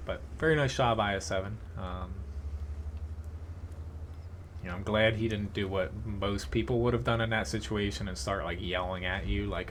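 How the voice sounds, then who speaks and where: A man's voice: fairly low pitch, moderate pace, a little hiss or hum. A man casually commentating his own live gameplay and chatting to viewers, thinking aloud with fillers and short chuckles. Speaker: game streamer.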